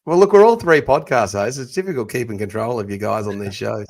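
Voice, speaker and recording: A man hosting a casual sports watch-along, chatting and reading out viewer comments in a loud, booming voice. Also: fairly quick. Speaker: podcast host.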